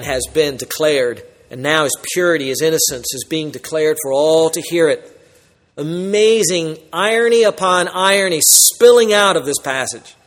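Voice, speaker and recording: A male preacher with a somewhat high voice, delivering a verse-by-verse sermon. He swings from loud, emphatic outbursts to hushed, solemn asides. His voice rings with a long hall reverb. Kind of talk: expository sermon.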